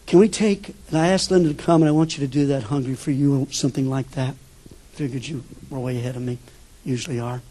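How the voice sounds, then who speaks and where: An older man preaching a sermon as a pastor, telling stories with sudden shifts between loud bursts and hushed asides. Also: mid-range voice, fairly even intonation, quick pace.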